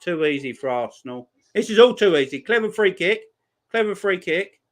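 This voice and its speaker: Excitable man in his forties. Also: high voice, normal speed. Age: 40s. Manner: chatty, excitable, banters with and answers live chat. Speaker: streamer. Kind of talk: live football watchalong commentary.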